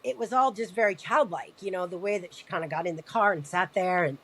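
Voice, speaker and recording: A woman recounting a personal family story in a podcast interview, halting and repeating words as she talks, earnest and emotional. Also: lowish voice, fairly bright tone, husky, low-quality recording. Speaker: podcast guest.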